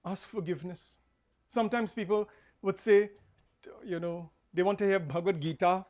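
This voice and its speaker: A man's voice: high-pitched, steady tone, normal speed. Man preaching a funeral sermon. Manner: preaching, repeats key lines, swings between soft and loud. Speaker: officiating pundit at a funeral.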